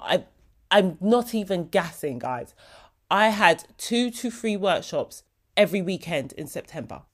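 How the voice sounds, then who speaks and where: A young woman, hosting a casual solo podcast in a chatty, heartfelt way. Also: mid-range voice. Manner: chatty, heartfelt, slips into quoted voices. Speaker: podcast host.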